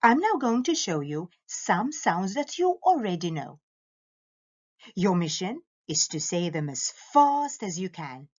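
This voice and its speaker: A woman leads young children through a phonics lesson, stretching out each letter sound before the whole word. Her voice swoops up and down in a lively, sing-song way at an unhurried pace. The recording is dry and a little dull in tone. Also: no echo. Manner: slow, clear sounding-out with lively up-and-down pitch. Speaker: phonics teacher.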